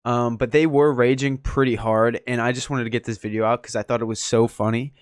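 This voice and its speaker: A young man doing casual gameplay commentary on his own gaming channel, rambling softly in the intro, then laughing and calling out excitedly. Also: medium pitch, brisk, dry recording, studio quality. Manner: excitable, laughing, lots of "dude" and "yo"; soft-spoken and rambling in the intro. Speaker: gaming YouTuber.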